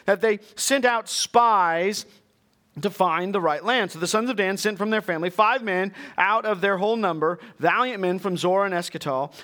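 A man's voice: high voice, sharp tone. A man preaching a sermon from Texas, reading scripture aloud and then explaining it earnestly to his congregation. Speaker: pastor.

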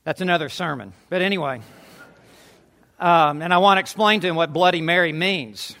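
Bright high-voiced emphatic preacher man. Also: moderate pace. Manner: emphatic, repeats words for stress, asides with jokes. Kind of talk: sermon.

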